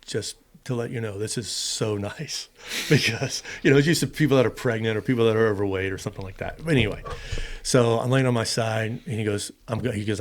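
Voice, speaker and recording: A middle-aged American man, a former fighter pilot, casually telling a long personal story in an interview and acting out both sides of the dialogue. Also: on the low side. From United States. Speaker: podcast guest, retired fighter pilot.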